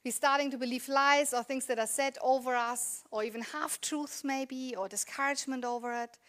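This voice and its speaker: A woman's voice: high voice, fairly even intonation, normal speed, a bit bright. A woman in her thirties preaching a sermon in a conversational, earnest way, asking the congregation rhetorical questions. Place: church.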